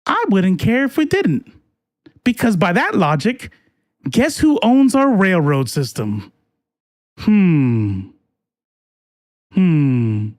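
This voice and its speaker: A fairly high-voiced man ranting on a live stream, heated and profane, tripping over restarts as he answers chat. The sound is close and dry, with no room around him. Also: wildly swooping pitch, measured pace, no echo. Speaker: political commentary streamer. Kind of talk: casual live-stream commentary reading chat.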